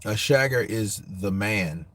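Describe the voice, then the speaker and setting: Speaking slowly with lively intonation, this American man has a fairly low, slightly bright voice. He hosts a boxing show in a crude, laid-back style, swearing freely, laughing often and addressing viewers directly as he reads their comments.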